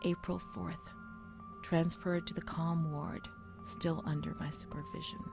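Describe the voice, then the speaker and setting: Whispered role-play, a haunted young girl, low gravelly voice, music under it. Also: little pitch movement, a little slow. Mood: uneasy whisper. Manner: hushed, unsettled murmuring. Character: haunted young woman recalling asylum records.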